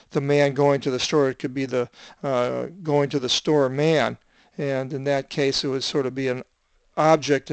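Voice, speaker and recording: An older man, a Bible translator, teaching biblical Greek in a slow, halting seminar, with many fillers as he reads and explains Greek words. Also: medium pitch, gravelly, dry recording.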